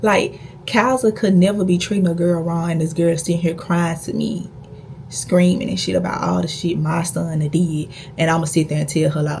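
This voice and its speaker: A young woman tells her story straight to camera, blunt and full of swearing, pressing hard on her points. Her voice sits low and carries a gravelly fry. A faint hiss of noise runs under the recording. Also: a little fast, a little mellow. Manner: blunt, profane, emphatic storytelling. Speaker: vlogger. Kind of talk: casual storytime.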